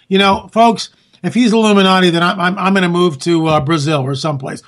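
A man delivering a solo political commentary in a high voice. He rants with a sarcastic edge and his voice climbs toward near-shouts. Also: fast talker. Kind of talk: monologue commentary.

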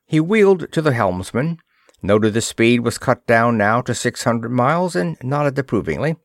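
A man reading a pulp science-fiction story aloud as narrator, in a steady storytelling manner. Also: mid-range voice, unhurried, no echo, clean studio sound.

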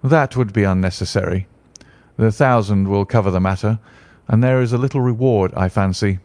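A man voicing a calm, stern detective who explains in a measured way. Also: lowish voice, dry recording, pitched below the performer's own voice, close to an everyday voice. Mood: assured.

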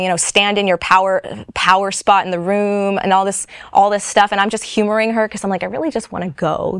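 Woman, personal testimony, casual and frank, smooth clear voice, dry close sound. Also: mid-range voice, no room sound. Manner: casual, frank, full of "like" and "you know". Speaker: storyteller.

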